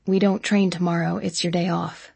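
A man's voice: sits high, little pitch movement, unhurried, gravelly, a little mellow, slightly rough, dry recording, heavily acted. A woman voicing a stern, guarded young male fitness trainer who speaks in curt, clipped lines in an audiobook.

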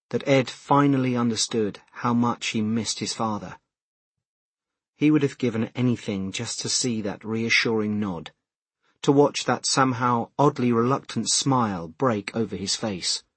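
A man narrating a novel in a calm, measured read with a husky, breathy grain. He speaks close to the mic in a dry, dead studio with no room sound. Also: medium pitch, no room sound. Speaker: audiobook narrator. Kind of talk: scripted narration.

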